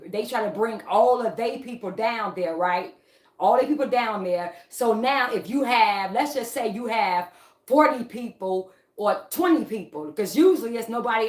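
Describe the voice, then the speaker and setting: Heated woman ranting, roomy echo. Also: on the high side. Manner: agitated, repetitive, addresses viewers as y'all. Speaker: online fitness and politics vlogger. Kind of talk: casual heated livestream rant.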